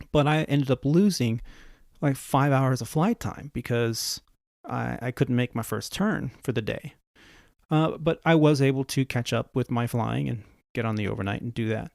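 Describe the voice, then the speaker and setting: Speaking in a mid-range, creaky voice that's a little mellow, a pilot who hosts a podcast shares conversational anecdotes and acts out the people involved. The studio sound is clean and free of room noise.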